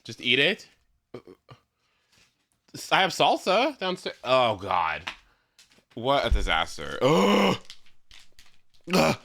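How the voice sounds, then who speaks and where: Animated, bright-voiced exasperated male streamer. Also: mid-range voice, slow pace, vocal fry, pauses often. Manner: exasperated ranting with swearing and stammered restarts. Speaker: livestream host. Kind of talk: casual live-stream chat.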